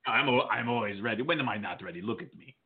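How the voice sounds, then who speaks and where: A man's voice: medium pitch, expressive, quick pace. A man co-hosting a casual show, reading out rankings with flirty, joking asides. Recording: tinny phone-like line.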